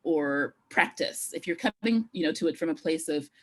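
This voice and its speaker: A woman's voice: sits low, expressive, moderate pace, a bit bright, husky. Earnest woman speaking in a talk series. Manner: earnest and emphatic, with repeated phrases and restarts. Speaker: guest speaker on theatre education.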